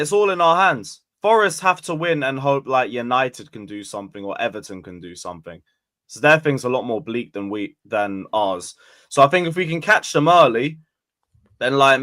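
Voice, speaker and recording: A man with a bright, forceful tone talks through a football final day in measured, reasoned speech. The sound is close and dry. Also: medium pitch, no room sound. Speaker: guest fan. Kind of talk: casual match analysis.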